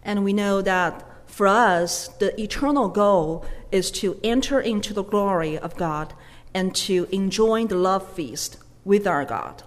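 A woman interpreting a sermon live, quick phrases with fillers and self-corrections. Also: medium pitch, long reverb tail.

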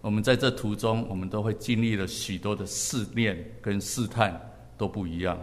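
A man preaching a sermon in short, measured phrases, pausing so his words can be interpreted. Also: fairly low pitch, fairly even intonation, long reverb tail. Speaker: pastor.

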